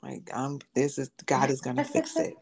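Low raspy-sounding woman telling her testimony on a podcast, doing everyone's voices as she goes. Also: wildly swooping pitch, moderate pace, a little mellow. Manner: storytelling, acts out quoted voices. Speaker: podcast guest. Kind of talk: personal testimony in conversation.

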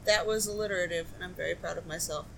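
A woman from the Midwest, co-hosting a podcast, telling stories in a casual, profane, animated way. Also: on the low side, quick pace, creaky, a little hiss or hum. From American Midwest. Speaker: podcast co-host. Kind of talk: casual chat.

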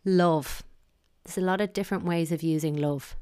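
A woman's voice: fairly low pitch, fairly even intonation, normal speed, a little mellow, clear, resonant tone, dry recording, studio quality. An Irish woman talking casually and wryly, giving her opinions in a chatty monologue.

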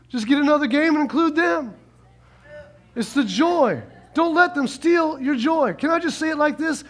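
A male pastor preaching a sermon, animated, repeating words for emphasis and acting out quotes, swinging from quiet slow lines to loud shouts. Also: extremely high pitch.

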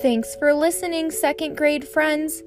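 A woman teacher hosting her own podcast, reading a children's chapter book aloud in a clear, expressive way. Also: high-pitched, unhurried, over music.

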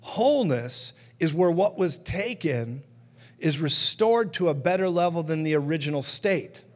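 A man's voice: fairly high pitch, lively intonation, unhurried. A man preaching a sermon in a conversational teaching manner, often checking in with his listeners.

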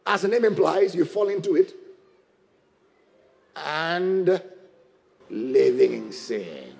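A man preaching a sermon as pastor, shouting and lifting his phrases into a sing-song. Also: high-pitched, gravelly, husky.

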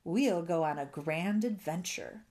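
A woman's voice: lowish voice, expressive, measured pace, a little mellow. A woman doing a grumpy old sea captain. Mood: hearty. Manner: gruff, sailor talk.

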